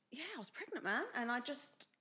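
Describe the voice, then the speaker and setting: A woman's voice: fairly high pitch, a little slow. Chatty young woman telling a story. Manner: chatty, animated, acts out quoted dialogue. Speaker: podcast co-host. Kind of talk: casual chat, personal storytelling.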